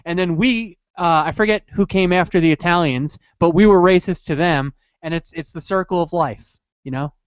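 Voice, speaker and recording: A man's voice: sits high, moderate pace, smooth, no room sound, dull audio. A man co-hosting a podcast, chatting casually and telling stories with jokes. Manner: joking, loose storytelling with put-on voices. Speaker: podcast co-host. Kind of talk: casual comedic chat.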